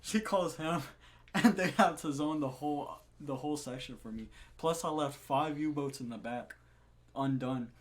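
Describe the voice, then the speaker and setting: A young man with a fairly high voice co-hosts a podcast at a normal speed, with faint background noise. He retells a story about his retail job in an animated, casual way, swearing and laughing throughout.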